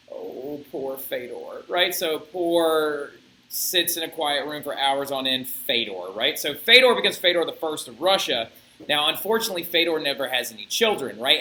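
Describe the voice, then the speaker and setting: A man lectures his class on history, turning it into a lively story and often checking in with a quick "right?". His voice is higher than most men's and very bright. The sound comes across echoey, as if recorded in a bare room. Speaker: teacher.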